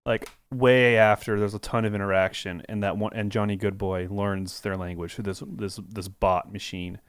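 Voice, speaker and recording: Guy co-hosting a podcast, lowish smooth voice, rambly with lots of likes, dry close sound. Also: little pitch movement, moderate pace, no echo. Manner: rambling, with many "like"s and restarts. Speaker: podcast co-host. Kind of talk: casual podcast chat.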